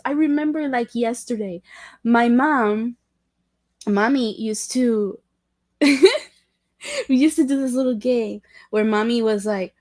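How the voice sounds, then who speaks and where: A woman's voice: a little high, no room sound. Candid woman rambling on a livestream. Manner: halting, with many restarts and self-corrections; candid and self-deprecating, with soft laughs. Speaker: livestream host chatting with viewers. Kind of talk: casual rambling livestream chat.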